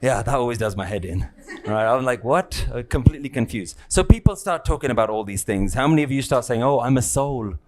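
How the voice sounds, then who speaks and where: A male spiritual teacher with a mid-range, lively voice talks fast with few pauses before a live audience, with slight background noise. His lesson is casual and teasing, and he keeps checking in with "yeah?" and "right?".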